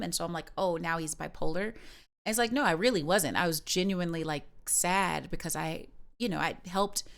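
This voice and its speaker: Low, gravelly-voiced woman chatting candidly. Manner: rambling and candid, many fillers and restarts. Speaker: streamer. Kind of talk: casual personal chat on a livestream.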